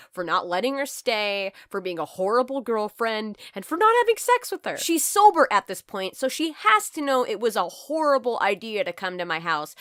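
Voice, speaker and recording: A young woman from California telling a storytime vlog in an animated, profane, emphatic way. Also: a little high, dry recording, clean studio sound. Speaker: vlogger.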